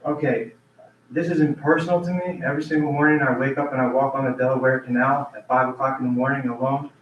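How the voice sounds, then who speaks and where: An earnest man pleads urgently during public comment, his words tumbling and restarting. He sounds set back from the mic in a roomy chamber. The sound is dull and lo-fi with a faint hiss. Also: mid-range voice. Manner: repeats himself and restarts sentences. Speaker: resident giving public comment. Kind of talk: public comment at a council meeting. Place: council meeting room. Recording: roomy, distant, dull meeting-room audio.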